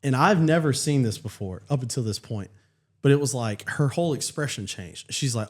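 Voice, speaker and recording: A man's voice: mid-range voice, expressive. Earnest pastor telling his story. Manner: earnest, halting, many restarts. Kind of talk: personal testimony in casual chat.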